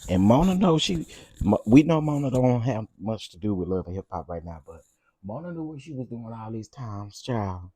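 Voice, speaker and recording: Sassy, husky-voiced man hosting a gossip stream. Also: on the low side, moderate pace, dry recording. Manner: sassy, expressive, talks straight to viewers. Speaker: live-stream host. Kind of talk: live-stream reality TV gossip commentary.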